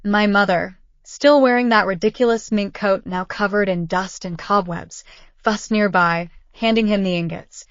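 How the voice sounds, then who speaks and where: A woman narrating a dramatic first-person story in a steady reading voice. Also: medium pitch, moderate pace, dry recording, muffled recording.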